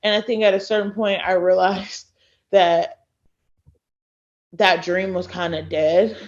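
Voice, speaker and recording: A woman in her late twenties from Texas, a podcast guest who tells stories in a lively way and acts out what others said. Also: on the low side, takes it slowly. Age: late 20s. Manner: animated storyteller who acts out quoted people. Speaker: guest, former college thrower. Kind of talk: casual podcast interview. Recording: dull lo-fi sound.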